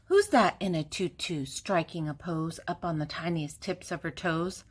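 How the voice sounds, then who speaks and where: A woman's voice: fairly low pitch, normal speed, hardly any pauses, slightly rough. An older woman reading a children's picture book aloud, with a playful sing-song delivery and fun animal sounds.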